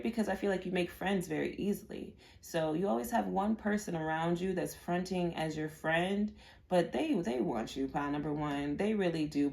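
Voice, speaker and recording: Female tarot reader, low gravelly voice, casual and rambling delivery. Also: a little mellow. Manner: chatty and rambling, with many fillers and repeated words. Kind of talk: casual pick-a-card tarot reading.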